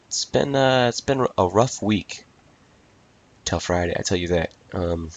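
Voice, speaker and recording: A teenage guy hosting his own solo podcast, talking straight into a microphone with a fairly low voice. He rants in an exasperated, casual way, swears freely and keeps calling everything ridiculous. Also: lively intonation, unhurried. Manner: repeats "I tell you what" and "ridiculous". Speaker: podcast host.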